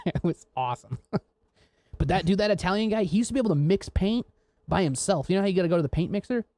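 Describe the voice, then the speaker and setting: A warm, high-sitting, expressive voice moves at a quick pace with no echo. It belongs to an American podcast co-host chatting casually and telling rambling, swear-laden work stories while laughing.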